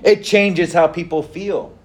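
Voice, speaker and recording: A middle-aged man preaching a sermon in a conversational way, with frequent fillers and pauses. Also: high-pitched, fairly even intonation. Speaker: pastor.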